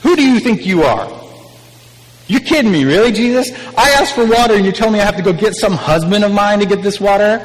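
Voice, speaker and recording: A fed-up, sarcastic woman at a well, as a preacher puts her on, her voice pushed high and loud. She snaps back with mock outrage, and the words hang in a long hall reverb. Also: animated, a little fast. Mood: indignant. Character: indignant, sassy woman at a well.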